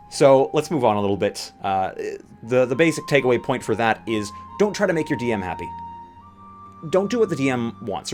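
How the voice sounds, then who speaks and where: A young man who plays and runs tabletop games, giving casual, opinionated advice with rambling asides. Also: lowish voice. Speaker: tabletop game player and dungeon master. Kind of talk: casual how-to advice talk. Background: faint guitar music.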